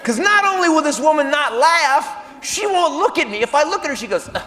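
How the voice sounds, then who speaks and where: A man doing a loud, animated stand-up comedy set on stage before a live audience, bursting into shouted punchlines. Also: extremely high pitch, brisk. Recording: live hall recording with crowd noise.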